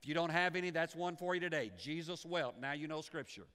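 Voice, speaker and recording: A man preaching a sermon as pastor, animated and repeating words as he builds each point. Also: on the high side, fast talker, clean tone. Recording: long hall reverb.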